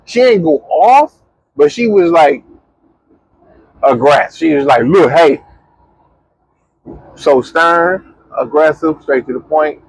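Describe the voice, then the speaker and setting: A young man, chatting casually as a podcast co-host and telling a story with lively, slangy quoting. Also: fairly high pitch, unhurried, vocal fry, long pauses, a little hiss or hum, poor audio. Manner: animated, slangy storyteller who acts out quotes.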